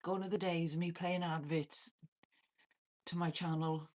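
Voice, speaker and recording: A Welsh woman chats loosely with her viewers on a livestream, her voice sitting a little low. She laughs a lot and swears without a second thought. She is talking from inside her cabin. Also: level tone, a little slow, darkish tone. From Wales. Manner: laughs often, swears freely, banters with chat. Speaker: livestream host. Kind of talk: casual livestream chat with viewers.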